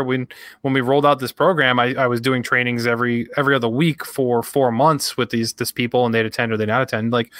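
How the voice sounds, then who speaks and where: A man's voice: mid-range voice, level tone, fast talker, a bit bright, no echo, studio quality. A young man co-hosting a podcast, chatting casually and rambling through work stories while acting out his coworkers' lines. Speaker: podcast co-host. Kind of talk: casual chat.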